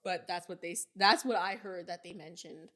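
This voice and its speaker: A woman's voice: on the low side, moderate pace, fairly bright tone. A woman in her twenties co-hosting a podcast, telling stories in a chatty, rambling way. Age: 20s. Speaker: podcast co-host. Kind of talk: casual chat.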